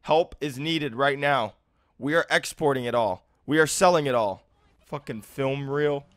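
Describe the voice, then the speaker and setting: A young man with a lisp doing live gameplay commentary, who swings between low muttering and loud, swearing rage outbursts. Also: measured pace, dry recording. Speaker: gaming streamer.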